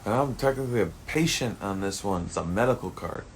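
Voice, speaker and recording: Guy with a real low voice rambling on, cursing a lot, faint hiss behind him. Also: lively intonation, brisk. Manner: rambling, swears often, heated and emotional at times. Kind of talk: rambling personal monologue.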